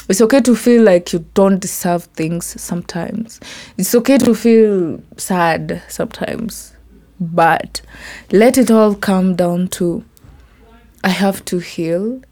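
A young Kenyan woman with a Kimeru accent, hosting a casual solo podcast and mixing English with Swahili, sometimes dropping to a soft whisper. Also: fairly low pitch, takes it slowly. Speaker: podcast host.

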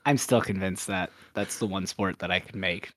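A man's voice: low voice, normal speed, a bit bright, dry recording, studio quality. A young man hosting a podcast in casual chat, rambling and upbeat, often correcting himself. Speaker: podcast host.

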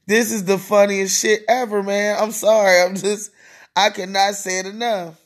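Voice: mid-range voice, level tone, moderate pace. A podcast host delivering a profane, mocking solo rant, laughing often between lines.

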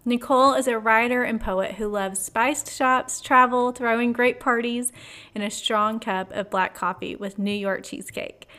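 A woman's voice: on the high side, steady tone, normal speed, pushed and bright. A woman hosting a devotional podcast, reading her intro in an upbeat, chatty way with light laughs. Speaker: podcast host.

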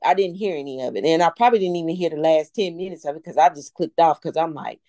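A woman hosting a casual gossip chat, animated and swooping up high when she quotes people. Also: quick pace, no echo, clean studio sound. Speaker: host.

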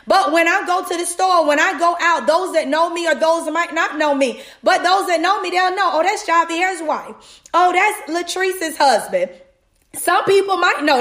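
A podcast host delivers a devotional as a casual motivational sermon, speaking animatedly and straight to her listeners with "y'all." Her voice is extremely high, and the sound is roomy.

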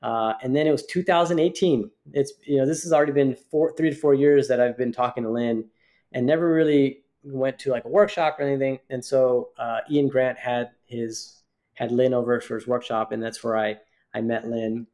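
Male podcast co-host, mid-pitched, talks in long rambling anecdotes. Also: fairly even intonation, moderate pace, a little mellow. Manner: rambling storyteller, many restarts and fillers. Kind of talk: casual chat.

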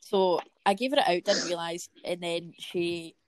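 A young Scottish woman hosting a podcast, telling lively work stories in casual chat with plenty of swearing. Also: fairly low pitch, moderate pace, no echo. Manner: lively storytelling with frequent swearing. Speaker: podcast host.

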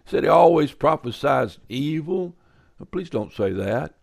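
A man's voice: on the high side, expressive, a little slow, vocal fry. A man teaching a sermon in a conversational way, reading scripture aloud and adding wry, offhand comments. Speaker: Bible teacher.

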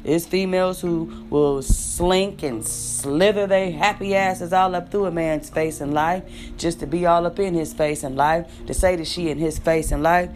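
Brief: young woman vlogger, lowish voice, blunt and foul-mouthed sarcastic rant, faint music underneath. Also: a little mellow. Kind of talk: ranting monologue.

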